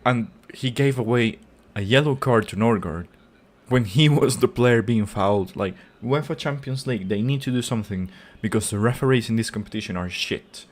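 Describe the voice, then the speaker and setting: A man's voice: mid-range voice, normal speed, hardly any pauses. A man hosting a football fan channel, giving a live match reaction and ranting angrily with lots of swearing and repeated words. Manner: angry, swearing rant.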